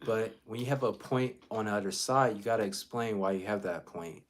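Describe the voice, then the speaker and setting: Brief: male co-host, relaxed casual talker, slightly low voice, filler-heavy. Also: a little fast. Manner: loose, filler-heavy, repeats words. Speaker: livestream co-host. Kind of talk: casual political chat.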